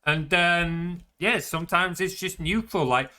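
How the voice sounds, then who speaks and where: A man's voice: high-pitched, measured pace, sharp tone. A man explaining things in casual voice chat while gaming, padding his talk with many fillers. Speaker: server player.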